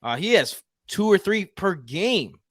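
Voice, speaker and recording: A man from Houston co-hosting a podcast, talking casually and jokingly with lively restarts. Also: high-pitched, unhurried, no echo, clean studio sound. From Houston, Texas. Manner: animated, jokey, frequent restarts. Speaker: podcast co-host. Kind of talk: casual fantasy football chat.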